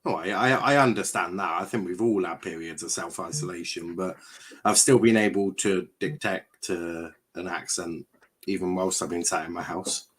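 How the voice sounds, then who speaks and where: Male stream host, low husky voice, casual and teasing with frequent fillers. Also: moderate pace, a bit bright. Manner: chatty, hesitant with fillers, teasing. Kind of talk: casual live-stream football chat.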